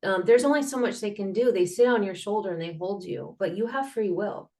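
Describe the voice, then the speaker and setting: A mid-range, brisk female voice belongs to a mental health advocate being interviewed casually on the topic of healing. Earnest and wandering, she uses frequent fillers and restarts, acting out sounds and laughs with animation as she explains.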